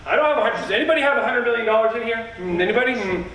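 An earnest male pastor preaches with emphatic, repeated phrases in a fairly high voice. His words ring through a large, echoey church. The mic sits well away from him, with a faint hiss of the room underneath. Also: expressive, very fast, pushed and bright. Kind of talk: sermon. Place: church sanctuary. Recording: echoey church heard from a distance.

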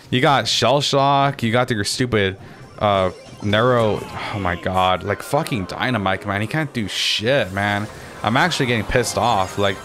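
Young guy ranting n cussing at his teammates over gameplay, lowish voice, quiet game music underneath. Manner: frustrated, swears constantly, ranting at teammates. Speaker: gaming channel host. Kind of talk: live gameplay commentary.

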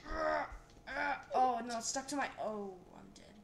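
A young woman reacting excitedly and repeating herself as she plays a game and talks through it. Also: high-pitched, moderate pace, a loud crowd. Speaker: gameplay video host.

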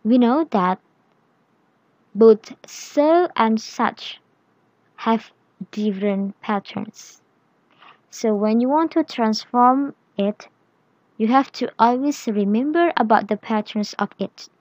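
A woman explaining English grammar in a lesson, reading example words and phrases deliberately. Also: on the high side, darkish tone, no echo, rough recording.

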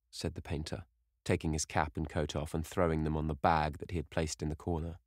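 A man reads a classic novel aloud in a measured storytelling manner. His voice sits very low and deep. The sound is dry and close, without any room echo. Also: flat delivery, a little mellow. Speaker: audiobook narrator. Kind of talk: scripted narration of a classic novel.

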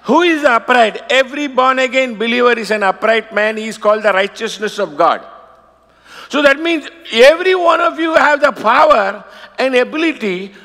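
A man preaching a sermon as pastor, emphatic and building to shouted declarations, acting out quoted voices. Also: very high voice, animated, normal speed, big-room sound. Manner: acts out quoted voices and scripture.

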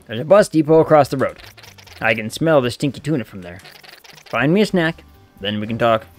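A man's voice: mid-range voice, lively intonation, a little fast, soft background music, natural voice. Man doing a brash huckster raccoon. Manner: brash, wheeling-dealing huckster. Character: scrappy fast-talking male raccoon junk dealer.

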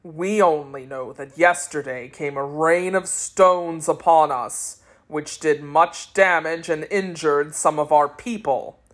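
A woman voicing a cold, cruel male sorcerer covered in thorns, speaking slowly and sternly in a storybook reading. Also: sits low, steady tone, voice pushed down. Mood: defensive. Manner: slow, stern and accusing.

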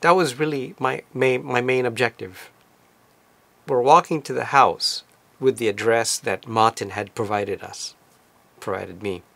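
A man casually recounting a trip as a vlogger, in a relaxed, conversational storytelling manner. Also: mid-range voice, unhurried, gravelly, no echo. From lives in Tokyo. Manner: relaxed, conversational retelling with fillers.

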